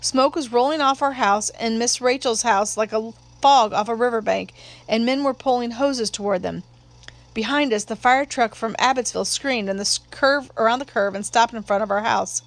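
Woman narrating an audiobook, fairly high voice. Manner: measured, steady storytelling.

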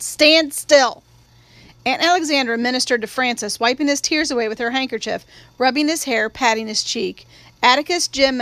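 High-voiced woman narrating a storybook. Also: fairly bright tone, no room sound. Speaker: audiobook reader. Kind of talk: first-person literary narration. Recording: dry, close studio read.

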